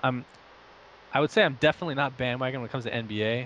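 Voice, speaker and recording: A young man grew up between Saudi Arabia and the United States. He chats loosely in an interview, rambling and poking fun at himself. His voice sits at an ordinary middle pitch. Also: rapid-fire, a bit bright, highs cut off, a little hiss or hum. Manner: rambling, self-mocking, laughs often. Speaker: interview guest, esports caster. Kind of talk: casual interview chat.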